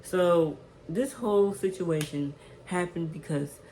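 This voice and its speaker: A woman vlogger telling a casual storytime, animated and emphatic, with slang and repeated words. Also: on the low side, slow, a little hiss or hum, low-quality recording.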